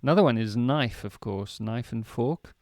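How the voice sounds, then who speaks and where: A man's voice: medium pitch, normal speed, darkish tone, no echo. An older man co-hosting a casual pronunciation podcast, joking and spelling words out letter by letter. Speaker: podcast co-host. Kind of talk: casual educational chat.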